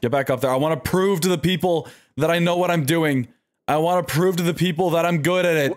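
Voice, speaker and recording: Speaking fairly quickly in a voice on the high side, a man narrates his own gameplay on a live stream. He swears often and talks himself through each try in lively self-talk.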